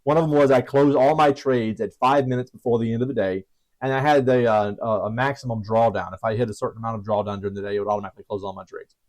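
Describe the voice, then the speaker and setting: A man's voice: mid-range voice, steady tone, fast talker, a little mellow, rough recording. Chatty self-deprecating male trading teacher. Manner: chatty, self-deprecating, lots of restarts and asides. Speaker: trading educator. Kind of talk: casual teaching monologue.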